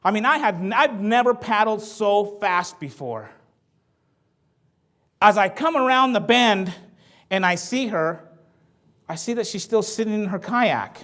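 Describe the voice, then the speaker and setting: A man giving a motivational talk to an audience, telling stories in a lively, jokey way. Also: high voice, measured pace, pauses often. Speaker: motivational speaker.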